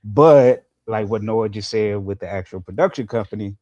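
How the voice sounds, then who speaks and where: A man with a low voice speaks earnestly on a podcast panel, often saying "like." The sound is dry. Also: normal speed, darkish tone, no echo, lo-fi sound. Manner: earnest, fills with "like". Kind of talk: casual movie chat.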